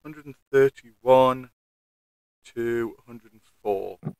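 A man's voice: mid-range voice, slow, vocal fry, a little mellow, clear, resonant tone, no room sound, low-quality recording. A man with a Northern English accent keeping score aloud in a casual chat among gamers, often trailing off. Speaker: stream host and scorekeeper.

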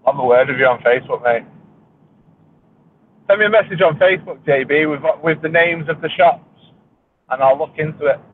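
On the high side and brisk, but with long pauses, this reefing channel host's voice comes through narrow, tinny audio with a bit of hiss or hum. He's live-streaming casually from his car on the road, joking, laughing, and swearing as he drives.

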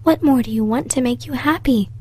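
Woman whispering as a sorrowful gentle beast. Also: mid-range voice, fairly even intonation, moderate pace, close to an everyday voice. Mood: pleading. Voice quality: breathy whisper. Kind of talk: whispered role-play.

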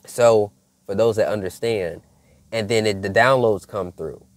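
A man's voice: on the low side, unhurried, no room sound. A man sharing a spiritual testimony in a casual, earnest way, talking straight to his viewers. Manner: conversational and earnest, addresses viewers as y'all. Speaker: faith content creator.

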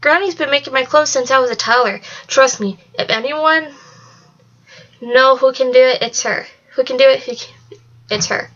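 A woman's voice: sits high, normal speed, fairly bright tone, dull audio. A woman reading aloud, voicing an eager, proud young woman from a storybook.

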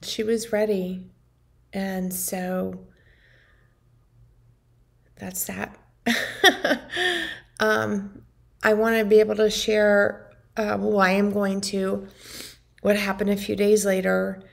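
A woman's voice: medium pitch, flat delivery, slow pace, gravelly, pauses often. A woman vlogger earnestly telling a personal story to her viewers, emotional and full of "like" and "you know". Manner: earnest, emotional, heavy use of "like". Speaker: vlogger and family caregiver.

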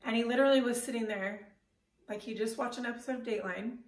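A woman in her thirties giving a personal storytelling talk, candid and animated, with self-deprecating humor and casual fillers. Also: fairly high pitch, fast talker. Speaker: motivational speaker. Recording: roomy echo, voice from far off the mic.

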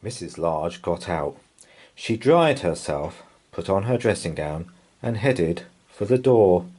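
A man reading a children's picture book aloud as a bedtime story, in an expressive, soothing manner. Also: deep voice, takes it slowly, slightly rough.

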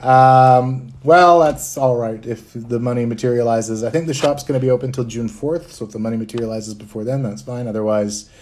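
A man's voice: medium pitch, brisk, hardly any pauses, a little mellow, a little hiss or hum. Easygoing man chatting on a livestream. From Canada. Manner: easygoing, chuckles often, reads chat aloud. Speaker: voice actor hosting a fan livestream. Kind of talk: casual livestream chat answering fan questions.

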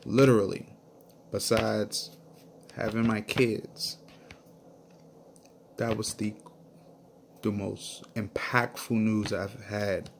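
A man's voice: on the low side, creaky, slight background noise. A man vlogger telling a personal story in an earnest, emotional way. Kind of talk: personal video diary.

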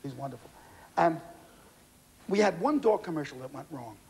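A man in his sixties, a guest comedian on a TV talk show, telling stories with animated delivery and put-on voices. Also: on the high side, moderate pace, vocal fry, slightly rough. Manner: animated, shouting punchlines, mimicking voices. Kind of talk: comic storytelling on a talk show. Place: TV studio with audience.

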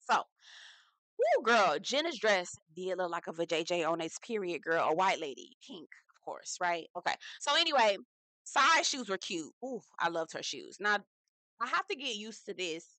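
A woman's voice: fairly low pitch, sing-song, moderate pace, sharp tone, no room sound. A woman giving a casual, slangy reality TV recap, swearing freely, laughing at her own points and calling the listener "girl".

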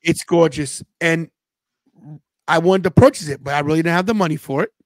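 Podcast host, male, high-pitched, chatty storyteller; dry close mic. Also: a little fast, dry recording. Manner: animated storyteller, quotes friends in a loose slangy way. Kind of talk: casual watch-party chat.

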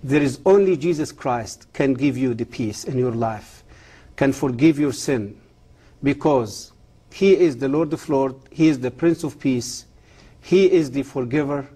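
A man, the guest of an interview, gives his testimony and then preaches straight to the camera. He speaks earnestly, in halting English with broken grammar. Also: mid-range voice, warm tone, slightly rough. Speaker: guest, former Islamic professor.

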